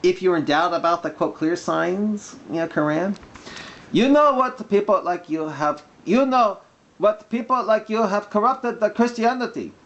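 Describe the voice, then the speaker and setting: A man's voice: high voice, moderate pace, a bit bright, muffled recording, pitched above the performer's own voice. A man putting on a lecturing commenter with a mock Arabic accent. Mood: combative. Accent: put-on mock Arabic accent. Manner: combative, lecturing. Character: mocking caricature of an argumentative male online commenter.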